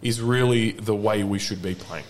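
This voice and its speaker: A man's voice: lowish voice, moderate pace. A man co-hosting a football podcast, giving firm opinions in casual chat. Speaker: podcast co-host.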